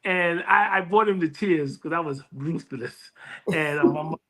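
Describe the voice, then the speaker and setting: Animated older New man telling stories. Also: fairly high pitch, normal speed. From New York City. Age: 60s. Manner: lively storyteller who restarts phrases and acts out quoted voices. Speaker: librarian and interview guest. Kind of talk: storytelling in an interview.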